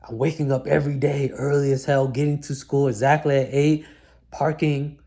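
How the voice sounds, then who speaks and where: A mellow male vlogger with a mid-range voice looks back on his life, speaking flatly at a normal pace. It's a single take on one microphone, and his laid-back slang leans on "like" and "man" constantly.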